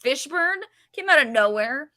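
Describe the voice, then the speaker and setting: Woman, podcast co-host, bright voice, excited casual storytelling. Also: high-pitched, unhurried. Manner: excited storytelling, frequent laughs, says freaking. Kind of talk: casual chat.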